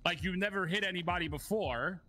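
A man's voice: sits high, brisk, a crowd in the background. A man in a gang roleplay, firmly questioning and laying out what happened. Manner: firm, questioning, lays out the facts. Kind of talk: in-character roleplay confrontation.

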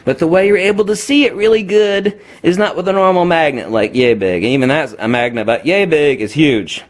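A man's voice: a little high, brisk. A man giving an unscripted, emphatic talk while demonstrating magnets, addressing viewers as kiddies.

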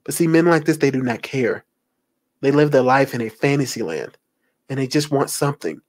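Young male reaction commentator, preachy and mocking, very expressive pitch. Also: moderate pace. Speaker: commentary host. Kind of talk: reaction commentary on text messages.

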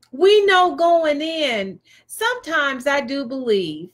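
A woman delivers a motivational talk in a high, fairly bright voice. Her style is emphatic and preachy, and she drives her points home with rhetorical questions.

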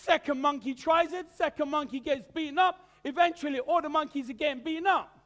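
A man's voice: very high-pitched, a little fast, fairly bright tone. A man preaching a sermon, telling a story animatedly with stammered repeats of words.

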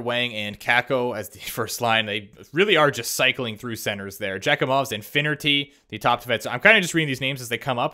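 A young man giving casual, excitable commentary over a sports video game simulation, reacting quickly and laughing as he reads out stats. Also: mid-range voice. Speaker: gaming YouTuber.

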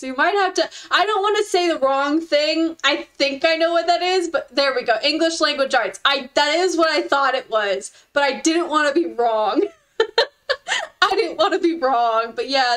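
Young woman streamer, high voice, gushy and giggly, just chatting w her viewers. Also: very animated, normal speed, a bit bright. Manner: effusive, gushing and giggly. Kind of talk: casual live-stream chat with viewers.

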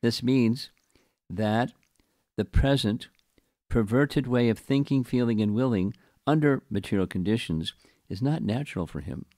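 An older man giving a scripture class, reading a long commentary slowly and deliberately and explaining it to his listeners. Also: mid-range voice, a little mellow, no room sound, clean studio sound. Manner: slow, deliberate reading with chanted verse recitation.

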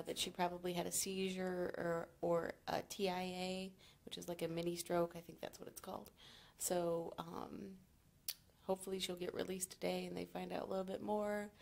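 A young woman talking casually to the camera in a home vlog, soft-spoken and chatty. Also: on the low side, creaky. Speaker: vlogger and mother.

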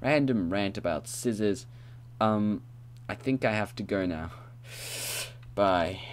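A man's voice: fairly low pitch, a little slow, pauses often, a little hiss or hum. A man casually commentating while playing a video game on a headset mic, rambling and talking to himself with silly noises. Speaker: gamer playing an adventure map. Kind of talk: casual let's-play commentary.

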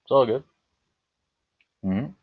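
Canadian man, livestream host, unhurried profane chat, mid-pitched voice. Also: husky. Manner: profane, rambling, reading and answering chat. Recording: slightly dull lo-fi stream audio.

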